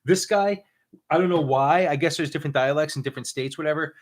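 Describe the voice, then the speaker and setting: A man's voice: on the high side, fast. A man co-hosting a live question-and-answer stream, chatting loosely, laughing often and reading viewer comments aloud. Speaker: podcast co-host. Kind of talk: live Q and A chat.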